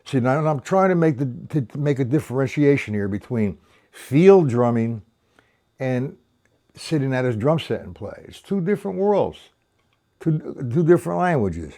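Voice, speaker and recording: A man's voice: medium pitch, lively intonation, moderate pace, mellow. Older male drum teacher, opinionated, rambling, counts time aloud. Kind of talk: live-streamed drum lesson.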